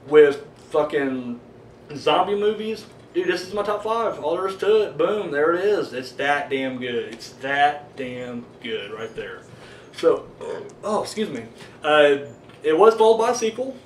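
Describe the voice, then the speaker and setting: A man's voice: a little high, slight background noise. A man giving a casual, rambling horror movie review, swearing freely and full of fillers. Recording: echoey room, voice a bit far from the mic.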